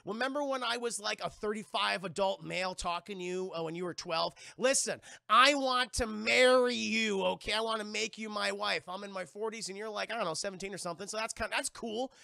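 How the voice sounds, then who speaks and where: A man's voice: high-pitched, fairly quick, gravelly, hardly any pauses, pushed and bright, no room sound, clean studio sound, full character voice. A man playing a creepy naval officer in his forties who sounds smarmy and oblivious.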